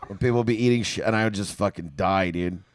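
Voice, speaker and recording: A man's voice: lowish voice, fast talker, a little hiss or hum. A man telling profane stand-up stories in casual podcast chat, laughing and acting out the people in them. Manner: profane, laughing storyteller who acts out quotes.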